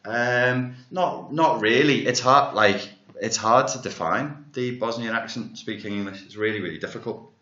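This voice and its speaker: Scouse male podcast host, bright forceful voice, swears, mimics people; echoey lo-fi room. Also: medium pitch, normal speed. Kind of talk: casual chat. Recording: echoey, muffled room sound.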